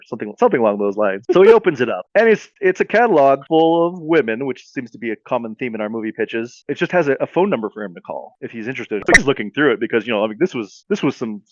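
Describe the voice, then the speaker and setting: A man's voice: mid-range voice, expressive, fast talker, few pauses, no echo. A man co-hosting a podcast, telling a comedic story in a rambling way with many fillers and restarts. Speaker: podcast co-host. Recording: dull dry podcast audio.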